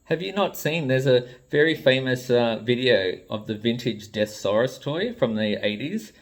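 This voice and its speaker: A man's voice: mid-range voice, lively intonation, normal speed. An Australian man, a toy designer, ranting to camera in an exasperated, blunt way and swearing freely. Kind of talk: ranting vlog commentary.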